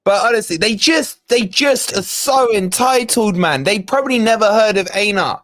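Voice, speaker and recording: An excitable man with a high voice hosts a live-stream football chat, calling out viewers by name and teasing them. The sound is close and dry, with no room around it. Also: moderate pace, dry recording. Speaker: podcast co-host reading the live chat.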